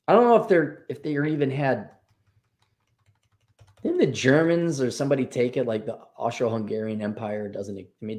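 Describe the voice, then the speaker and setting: A man from the United States hosting a livestream, reading out paid chat messages and answering them in an offhand, wry way. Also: mid-range voice. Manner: offhand, wry, lively commentary.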